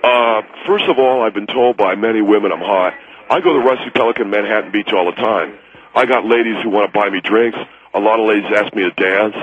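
A man's voice: on the low side, brisk, pitched below the performer's own voice, natural voice. A man voicing a cocky young male telemarketer in a radio comedy bit, smug and nasal, boasting about himself. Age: 20s. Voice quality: nasal, slurred speech. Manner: smug, boastful sweet-talker. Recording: dull radio broadcast sound.

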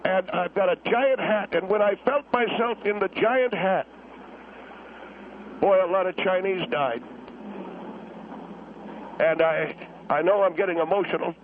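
A man voicing an elderly male Korean War veteran who calls in on a tinny phone line and rambles, halting and repeating himself. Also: high voice, a little hiss or hum, pitched above the performer's own voice. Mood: nostalgic. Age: over 70. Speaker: caller.

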